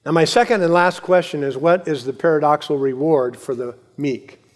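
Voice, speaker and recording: A male pastor preaching a sermon, building to emphatic lines and then dropping to soft asides. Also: fairly high pitch, brisk. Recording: long hall reverb.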